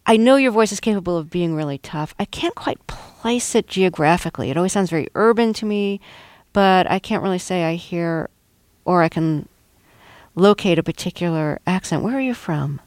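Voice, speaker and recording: Smooth, dry-sounding interviewer, calm and measured. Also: medium pitch, dry recording. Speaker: radio interviewer. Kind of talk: interview questions.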